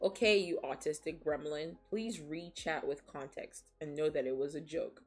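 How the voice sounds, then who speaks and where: A woman's voice: sits low, normal speed, breathy edge, soft background music. A woman from Nigeria hosting a casual stream chat, teasing and laughing often, a little tipsy from beer. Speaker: streamer host.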